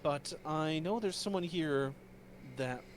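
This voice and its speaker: A man voicing a calm, wise woman who hears the land's spirits, speaking in a gentle, measured way over a noisy home mic. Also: fairly high pitch.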